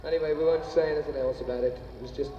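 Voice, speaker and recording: High-voiced singer on distant concert tape. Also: male voice, steady tone, racing, noisy background. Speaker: rock singer on stage. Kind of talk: stage banter between songs. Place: large concert arena. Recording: muffled 1970s live concert tape, arena reverb, far from mic.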